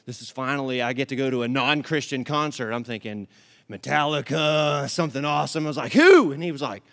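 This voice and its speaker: A man's voice: medium pitch, fast talker. A man giving a sermon, telling a comic story with frequent "all right?" asides before turning to scripture. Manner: animated, comic delivery. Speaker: pastor.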